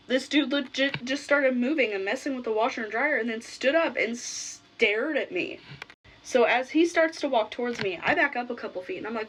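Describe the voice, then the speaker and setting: A woman's voice: mid-range voice, a bit bright, a little hiss or hum, poor audio. A young adult woman vlogger telling a personal story in a casual, blunt way, swearing freely.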